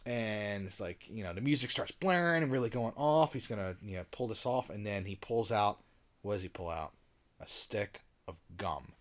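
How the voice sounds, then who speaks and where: Man, slightly low voice, podcast co-host, casual movie recap, animated storytelling. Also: normal speed. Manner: animated retelling, acts out lines, swears.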